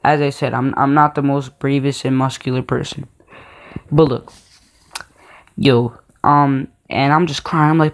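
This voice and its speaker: A man tells a story from his own life in loose, slangy vlog talk. He rambles, circles back and fills pauses with ums. His voice sits at an everyday middle pitch. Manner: slangy, animated, rambling with fillers. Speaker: storytime vlogger. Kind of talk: casual storytelling.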